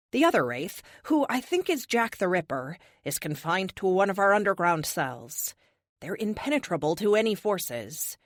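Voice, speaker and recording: A woman narrating a superhero audiobook in the first person, brisk and wry. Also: medium pitch, no room sound, clean studio sound.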